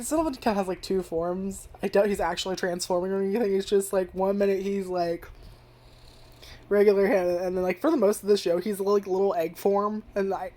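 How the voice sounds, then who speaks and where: A woman's voice: medium pitch, dark tone. A young woman casually reviewing an anime, rambling and swearing, with lots of "like" fillers. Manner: rambling and profane, heavy use of filler "like".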